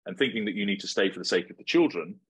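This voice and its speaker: A man answering interview questions in a measured, assertive, lecturing way. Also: fairly low pitch, expressive, fairly bright tone, slightly rough. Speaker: interviewee giving advice.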